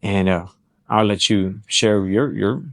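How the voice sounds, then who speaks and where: A man's voice: fairly low pitch, slow pace, gravelly, dry recording, studio quality. A young man and pastor with a Texan accent, telling a family story in casual conversation and acting out other people's lines. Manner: animated storyteller who acts out quotes. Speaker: pastor and podcast host.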